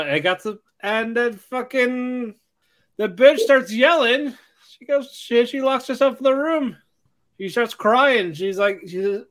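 A man's voice: high-pitched, fairly bright tone. A man from Vermont co-hosting an anime podcast, laid-back and casual, swearing as he recaps episodes. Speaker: podcast co-host.

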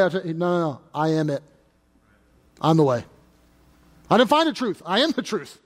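A man's voice: fairly high pitch, very animated, normal speed, pauses often, long reverb tail. A man preaching a sermon as pastor, conversational and emphatic, repeating phrases for stress.

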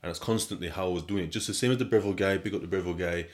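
Deep-voiced male podcast host, casual slangy storyteller, animated, loud and quiet by turns. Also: racing. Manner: animated, slangy, repeats himself, swings between loud and quiet.

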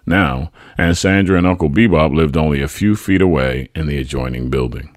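A podcast host with an extremely low voice reads from his family memoir, narrating dramatically and loudly performing the quoted dialogue. He speaks a little fast with few pauses, in studio-quality audio without echo.

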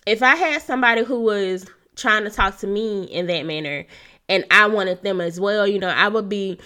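Young woman host, stuffy nose, relaxed chatty advice with frequent laughs and "you know"s; crisp bright tone. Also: mid-range voice, normal speed. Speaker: podcast host giving dating advice. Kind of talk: casual solo talk.

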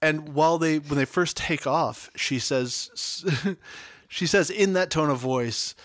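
A podcast co-host in casual chat, trading quick jokes and wisecracks while recapping a show. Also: medium pitch, no echo, clean studio sound. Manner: wisecracking, jokey asides and quick voices.

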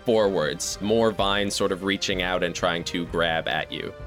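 A man running a tabletop game as game master, his voice sitting somewhat low. He builds each scene with vivid, detailed description and often drops in a casual "like." Faint music plays behind him. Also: measured pace, a bit bright.

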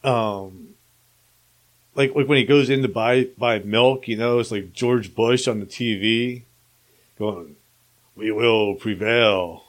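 A man's voice: medium pitch, unhurried. A man hosting a casual podcast conversation, musing aloud in a loose, somewhat unsure way.

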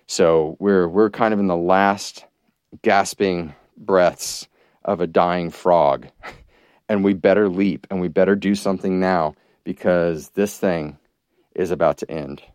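A low-pitched man talks through his podcast in an unscripted, meandering monologue, restarting phrases and filling pauses. The recording is close and dry, with no room sound. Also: darkish tone, clean tone, no room sound. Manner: rambling, with many restarts and fillers. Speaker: podcast host. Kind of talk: casual monologue.

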